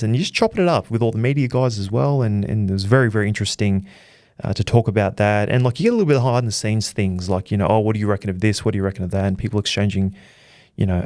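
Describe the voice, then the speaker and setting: A young Australian man hosting a boxing channel, rambling through an excitable, self-deprecating recap of fight week. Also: on the low side, clean tone, dry recording, clean studio sound. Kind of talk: casual storytelling recap.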